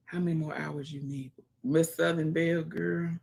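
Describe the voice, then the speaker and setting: A woman's voice: low-pitched, level tone, normal speed, gravelly, darkish tone. A woman hosting a casual livestream, reading viewer comments aloud with folksy exclamations and dropping to murmurs and whispers. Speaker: livestream host. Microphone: phone.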